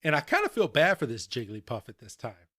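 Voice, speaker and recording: A man hosting a podcast, retelling a cartoon episode in an animated, chatty way and laughing often. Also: medium pitch, brisk, no echo, studio quality. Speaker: podcast host. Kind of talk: casual podcast recap.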